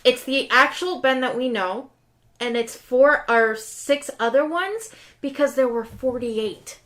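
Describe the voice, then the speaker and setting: A woman's voice: high voice, unhurried, fairly bright tone. A woman co-hosting a podcast in casual chat, giving blunt, matter-of-fact opinions. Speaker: podcast co-host.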